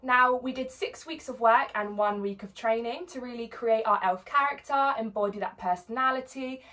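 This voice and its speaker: A woman's voice: a little high, normal speed, pushed and bright. A woman, chattily introducing herself and telling a short story. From Isle of Wight, England. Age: 20s. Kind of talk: casual self-introduction to camera.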